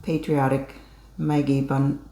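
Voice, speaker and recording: Very low-voiced woman chatting about crafts. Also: little pitch movement, slow, dark tone. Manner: chatty, with many fillers and restarts. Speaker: co-host. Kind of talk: casual craft chat. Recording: echoey room.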